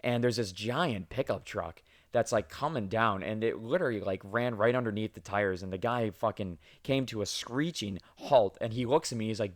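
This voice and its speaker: A young man in his twenties hosts a casual podcast, telling rambling stories about his day. He swears freely and mocks himself. His voice sits fairly low. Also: normal speed, few pauses. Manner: crude, self-mocking, swears freely. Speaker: podcast host. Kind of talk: casual storytelling chat.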